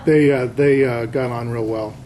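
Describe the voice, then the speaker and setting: A man's voice: medium pitch, fairly even intonation, normal speed, rough recording. A man, an author, giving a casual slide lecture to an audience, telling anecdotes and quizzing the crowd. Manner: chatty storyteller, quizzing the audience.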